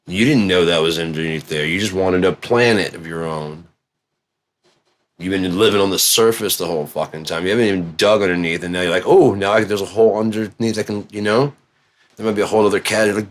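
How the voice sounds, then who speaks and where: Profane rambling man, low voice. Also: a little fast. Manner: profane, swings between mutters and excited yelling. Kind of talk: rambling monologue.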